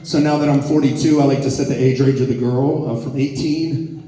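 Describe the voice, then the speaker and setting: Brash comic in a big echoey hall. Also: male voice, mid-range voice, fairly even intonation, brisk, distant mic, background noise. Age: 40s. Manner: brash, crude storytelling to a crowd. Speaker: stand-up comedian. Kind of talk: live stand-up set. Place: theater stage.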